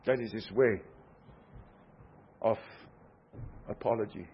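A man preaching a sermon, emphatic, swinging from hushed, low passages to loud, insistent ones. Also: animated, a little slow, pauses often, breathy edge, muffled recording.

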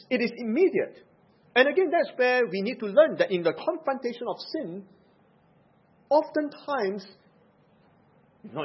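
A man preaching a sermon, pressing hard on key words and dropping into quiet asides. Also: high voice, breathy edge. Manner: emphatic, swings between loud stresses and quiet asides. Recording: dull lo-fi recording.

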